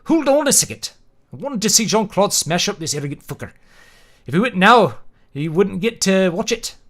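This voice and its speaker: A man doing a rough young Scottish guy. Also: sits high, big pitch swings, normal speed, a bit bright, voice pushed up, full character voice. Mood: gritty. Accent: put-on Scottish. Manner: reads aloud in a stumbling put-on accent. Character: rough young Scottish man narrating his grim story. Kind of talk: amateur reading aloud of a novel.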